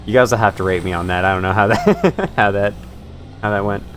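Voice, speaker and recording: A man's voice: lowish voice, brisk, a bit bright, slight background noise. A man streaming a game live, chatting casually, laughing often and poking fun at himself. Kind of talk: live gameplay commentary.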